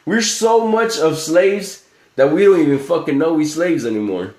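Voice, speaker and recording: A man rambles through a profane livestream rant, circling back to the same filler again and again. His voice sits a little high for a man, and it bounces around an echoey room. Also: expressive, normal speed, a little mellow. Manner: profane, repetitive, keeps saying "you know what I'm saying". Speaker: livestream host.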